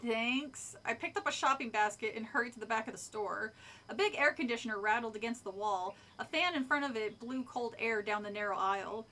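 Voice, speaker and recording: Bright, chatty woman reading aloud. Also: a little high. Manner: chatty, animated, often breaks off to comment. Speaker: streamer reading a book aloud. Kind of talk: casual live reading with chat.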